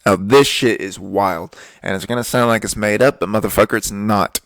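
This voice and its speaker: A man's voice: on the low side, normal speed, a bit bright, no echo. A young man hosting a podcast, telling stories in a laid-back, profane, ranting way. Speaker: podcast host. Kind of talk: casual storytelling monologue.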